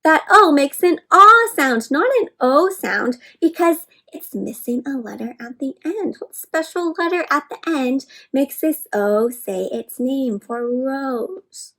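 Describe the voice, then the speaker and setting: A woman reading a picture book aloud to children, animated, asking them questions and slowly sounding out letters, sometimes dropping to soft whispered asides. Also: sits high, poor audio. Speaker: children's story reader. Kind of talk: interactive read-aloud for kids.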